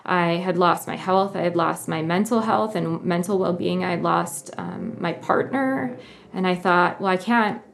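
A young woman, a journalist, telling her personal story in an earnest, emotional way, often halting and restarting. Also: on the low side, gravelly, a little hiss or hum.

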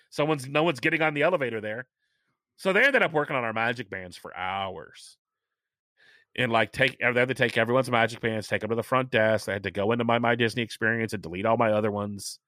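A middle-aged man hosting a casual chat, talking chattily and stressing key points by slowing down. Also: mid-range voice, sharp tone, no echo, clean studio sound. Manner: chatty, emphatic, repeats points slowly for stress.

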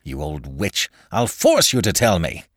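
A man voicing a cold, desperate young officer in a spoken story, low and calm. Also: measured pace, no room sound, studio quality, exaggerated voice.

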